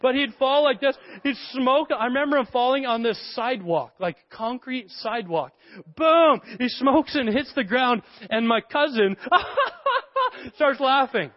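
A male pastor preaching a sermon, telling stories in an animated way and laughing often. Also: very high-pitched, moderate pace, hardly any pauses, no room sound. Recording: dull lo-fi dry sound.

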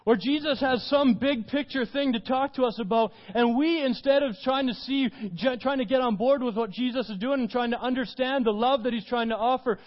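A man's voice: extremely high pitch, fairly quick, hardly any pauses. A man preaching a conversational sermon, retelling scripture informally in his own words. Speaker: pastor. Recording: dull recording with long hall reverb.

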